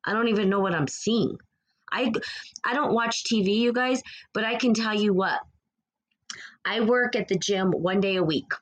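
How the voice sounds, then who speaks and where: A woman's voice: mid-range voice, moderate pace, low-quality recording. Passionate woman on a spiritual rant. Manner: passionate, preachy, rambling. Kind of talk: casual spiritual monologue.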